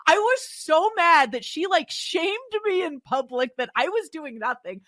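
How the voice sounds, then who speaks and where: A woman co-hosting a sports betting show, telling a story in animated casual chat. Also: high-pitched, a little slow, no room sound, clean studio sound. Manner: animated, lively storytelling with many likes. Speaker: co-host.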